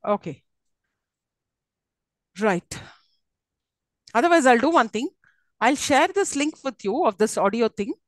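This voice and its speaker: Woman, Indian English accent, university lecturer, higher voice, lots of fillers, dry recording. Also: animated, measured pace, long pauses, dry recording, poor audio. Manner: explanatory, many fillers and restarts, checks in with the class. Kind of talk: live online lecture.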